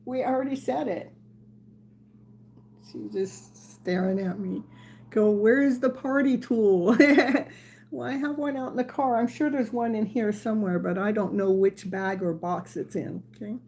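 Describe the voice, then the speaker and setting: A woman's voice: medium pitch, normal speed, gravelly, a little mellow. A woman in her sixties hosting a live tarot stream, chatting casually with viewers and laughing often. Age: 60s. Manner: chatty, laughs often, playful baby talk to her dog. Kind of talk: casual live-stream chat while reading viewer comments.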